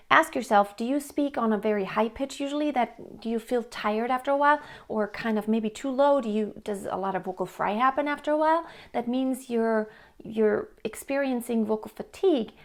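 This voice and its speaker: High-voiced woman vocal coach. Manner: explains plainly, breaks into sung demonstrations. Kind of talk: singing lesson.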